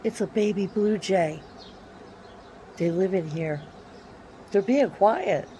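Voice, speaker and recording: A woman rambles in a slow, unhurried drawl into her phone out in her backyard, with sudden bursts of emphasis. Her pitch sits in a middle range. Faint birdsong and outdoor hiss run under the recording. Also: dark tone. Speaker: vlogger. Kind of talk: rambling casual monologue. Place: backyard by a wooded area, outdoors.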